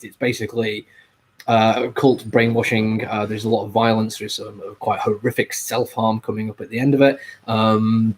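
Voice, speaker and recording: A man talks casually through a comic book review. His voice is a little husky and sits at an everyday middle pitch. He rambles eagerly, scattering ums and uhs as he goes. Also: a little mellow.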